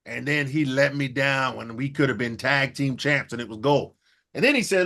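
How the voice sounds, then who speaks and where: Animated, bright-voiced man recapping wrestling. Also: mid-range voice, brisk. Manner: animated, acts out quotes in exaggerated voices, profane. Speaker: podcast co-host recapping wrestling. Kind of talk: casual comedic chat.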